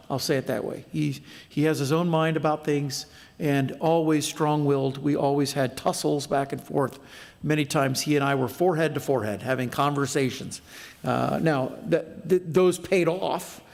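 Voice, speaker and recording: Middle-aged Southern US preacher, fairly high voice, earnest storytelling sermon, long church reverb. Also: male voice, vocal fry. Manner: earnest, storytelling with asides and restarts. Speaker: pastor. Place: church sanctuary.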